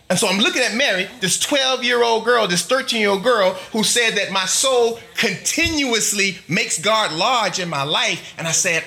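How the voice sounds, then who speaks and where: A man's voice: sits high, animated, normal speed, gravelly, hardly any pauses, pushed and bright, a little hiss or hum. A middle-aged male pastor preaching a sermon to a congregation, emphatic, building long chanted lists. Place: church before a congregation.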